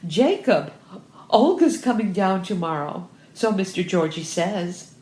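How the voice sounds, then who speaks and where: A woman's voice: mid-range voice, lively intonation, a little slow, a little mellow, natural voice. A woman reading aloud, voicing a chattering, emphatic older country lady who rambles through digressions. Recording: roomy echo.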